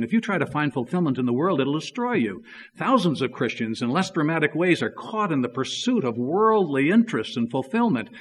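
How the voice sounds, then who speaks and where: Conversational male preacher. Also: fairly high pitch. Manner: conversational, tells a joke story, fillers. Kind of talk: sermon.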